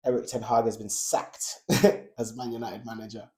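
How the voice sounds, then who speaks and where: A young man hosting a casual football podcast, animated and laughing often as he talks. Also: on the low side, moderate pace. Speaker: podcast host.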